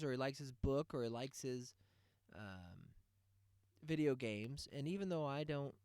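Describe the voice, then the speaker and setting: A man's voice: medium pitch, clean tone, no room sound, studio quality. A man hosting a podcast, going on a sarcastic, profane rant in a casual monologue. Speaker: podcast host.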